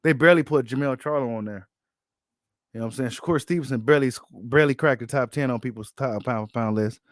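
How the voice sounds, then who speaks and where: A man hosting a boxing channel, giving casual, animated reaction commentary full of slang and repeated phrases. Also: mid-range voice, fast, dry recording, studio quality.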